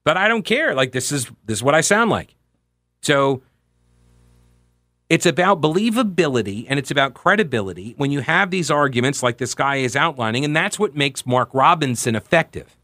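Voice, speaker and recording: A man in his forties hosting a talk radio show, telling anecdotes in a candid, conversational way with animated asides. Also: on the high side, normal speed, dry recording, clean studio sound. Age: 40s. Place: radio studio. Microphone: close studio microphone.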